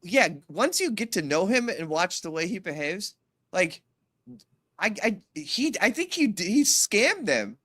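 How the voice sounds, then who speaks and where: Lively, bright-voiced woman co-host ranting. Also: medium pitch. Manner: animated, swearing, quick interruptions. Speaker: podcast co-host. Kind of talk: casual chat.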